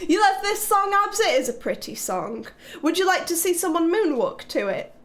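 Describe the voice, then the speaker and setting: Young woman from Britain, high voice, chatty, giggly, live-stream chat. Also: very animated, moderate pace.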